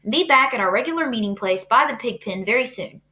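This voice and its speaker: A woman's voice: a little high, lively intonation, fast talker, pushed and bright. A woman reading aloud, voicing a farm mother who speaks in a motherly, scolding way.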